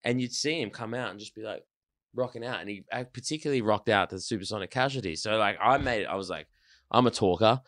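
A man in his thirties tells band stories in a casual, animated rush. He swears freely and often restarts his sentences. The mic sound is dry and close. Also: lowish voice, fast, no room sound. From Australia. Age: 30s. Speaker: band member, guest. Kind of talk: casual storytelling.

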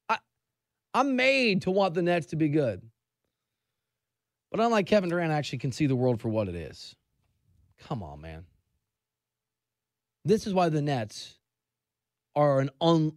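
A man's voice: fairly high pitch, no room sound, studio quality. A man in his forties hosting a sports radio show, chatty and opinionated in a casual monologue. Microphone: studio microphone.

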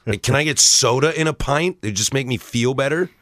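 A man co-hosting a casual beer tasting chat, animated and telling stories. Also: medium pitch, fairly quick, no echo, clean studio sound. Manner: animated, tells stories and jokes.

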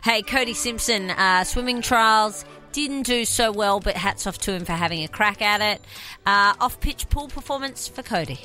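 An Australian woman co-hosting a radio show, trading quick, dry, teasing banter. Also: mid-range voice, music in the background. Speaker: radio co-host. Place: radio studio.

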